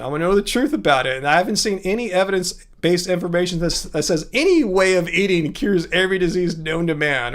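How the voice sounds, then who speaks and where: A man's voice: high voice, creaky, fairly bright tone. A man hosting a livestream in casual chat, joking, laughing at himself and reacting to comments from chat. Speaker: livestream host.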